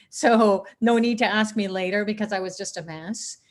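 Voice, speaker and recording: A woman giving an earnest spiritual talk on a chanting call, telling stories with animated quotes and laughter. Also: mid-range voice, moderate pace.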